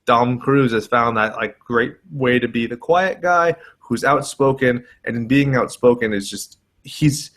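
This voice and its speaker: A man's voice: medium pitch, unhurried, few pauses, fairly bright tone. Sardonic man on a podcast. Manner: wordy, sardonic, profane. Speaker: podcast co-host. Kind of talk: casual podcast chat.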